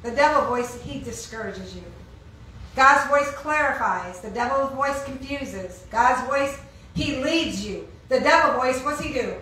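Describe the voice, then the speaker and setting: A woman's voice: high voice, animated, unhurried, sharp tone, slight background noise. A woman preaching an informal sermon, asking the congregation questions and answering them with emphasis. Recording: echoey room, heard from far off.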